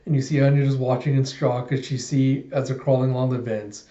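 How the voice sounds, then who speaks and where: A man's voice: mid-range voice, steady tone, fairly quick, warm tone. A man casually recapping a manga chapter in a chatty way, retelling scenes line by line, recorded in an echoey room with dull sound. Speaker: manga reviewer.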